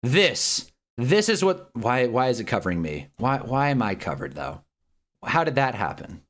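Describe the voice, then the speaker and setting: Annoyed guy venting about his team losing, sarcastic, gets loud and mocking sometimes. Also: medium pitch, sing-song, normal speed. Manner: frustrated, sarcastic, swings into loud mock outrage. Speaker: sports fan streamer. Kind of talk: ranting basketball reaction.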